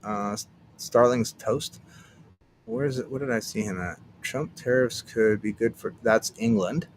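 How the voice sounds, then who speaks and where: A man's voice: on the low side, measured pace, slight background noise. A man from Canada hosting a casual solo livestream, rambling and sarcastic, muttering to himself between remarks. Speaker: livestream host.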